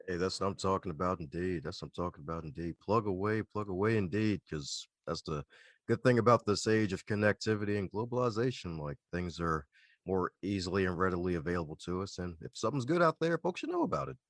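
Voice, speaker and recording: A man with a very low voice hosts a podcast in an excited, slangy way. The sound is dry and close, with no room echo. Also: fast. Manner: hyped, slangy and enthusiastic. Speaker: podcast host. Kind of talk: casual interview chat.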